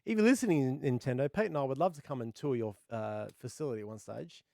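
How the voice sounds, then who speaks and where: A man co-hosting a gaming podcast in casual, jokey chat, laughing often, his voice a little rough from the laughter. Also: mid-range voice, quick pace, darkish tone, no room sound, clean studio sound. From Australia. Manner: jokey, laughs often, bloke-ish banter. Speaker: podcast co-host.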